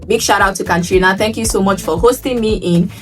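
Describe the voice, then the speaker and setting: A woman from Nigeria chats to her vlog audience in an animated, storytelling way, often repeating words for emphasis. Her voice has a middle pitch. She sits a little back from the mic, with faint music playing underneath. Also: a little fast, recorded from a distance. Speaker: travel vlogger.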